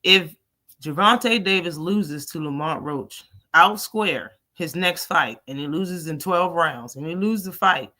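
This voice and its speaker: An animated woman with runs a casual boxing live stream. She talks bluntly, laughs easily and answers her viewers one by one. Her voice is bright and clear. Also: lowish voice, unhurried. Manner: blunt, animated, laughs often, reads out chat. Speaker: boxing talk show host.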